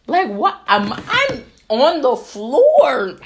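A woman chats on a casual podcast with a fairly high voice. Her delivery rises and falls freely, and she is blunt, laughs often and swears freely. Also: huge pitch swings, extremely slow, slight background noise. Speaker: podcast co-host. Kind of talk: casual chat.

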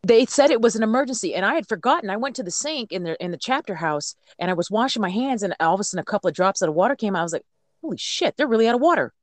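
A truck driver from the United States telling stories in a casual podcast chat, blunt and animated, swearing freely and repeating words when worked up. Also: mid-range voice, rapid-fire, few pauses, dry recording.

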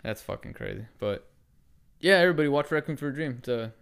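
A man co-hosting a laid-back podcast, rambling through his stories with constant fillers and plenty of swearing. His voice comes across smooth and clear at an ordinary middle pitch. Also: lively intonation, quick pace, a bit bright. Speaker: podcast co-host. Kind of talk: casual chat.

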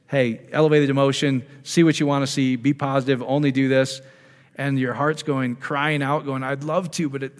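Male ministry speaker, mid-pitched voice, relaxed coaching delivery to a gathered group, lingering hall reverb on the mic. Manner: conversational, coaching, asks the audience questions. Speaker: ministry speaker leading prayer. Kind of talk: informal teaching to a live group.

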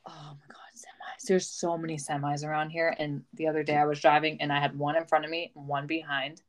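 A woman's voice: low-pitched, level tone, fast talker, poor audio. A young woman co-hosting a casual chat, laughing often and acting out stories with dramatic voices. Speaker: podcast co-host.

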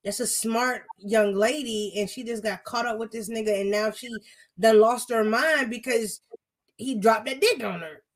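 A woman's voice: on the high side, normal speed. A young woman talking in casual podcast chat, blunt, profane and emphatic.

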